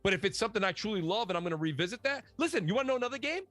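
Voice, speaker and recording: A man chatting casually about video games, animated and slangy, telling stories with lots of asides. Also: high voice, very fast, no echo, faint music behind. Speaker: podcast guest. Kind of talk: casual gaming chat.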